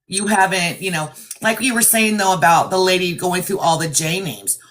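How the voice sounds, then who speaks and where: A woman psychic medium speaks candidly in a podcast interview. Her voice sits a little low, and she talks bluntly and with passion, slipping into the voices of people she quotes. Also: normal speed. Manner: blunt and animated, swears, acts out quoted people.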